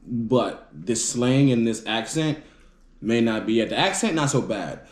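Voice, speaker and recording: A man with a Southern accent tells family stories in easygoing chat. He speaks quickly, and his words sometimes tumble over each other. His voice sits at an ordinary pitch in a room with a noticeable echo. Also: animated. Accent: Southern US (Mississippi). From Wisconsin. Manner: fast-talking storyteller, trips over words. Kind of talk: casual chat.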